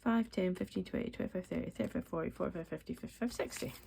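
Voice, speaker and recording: Talking rapid-fire in a fairly low, creaky, slightly mellow voice, a Highlands Scottish woman in her forties vlogs about budgeting. She chats casually over her cash stuffing, counting money aloud and rambling with lots of ums. The recording is low quality, with slight background noise.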